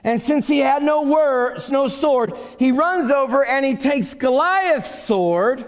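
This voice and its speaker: High-voiced pastor preaching in a hall. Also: male voice, slow pace. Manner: animated, joking storytelling. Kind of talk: sermon. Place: church sanctuary. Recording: long church hall reverb.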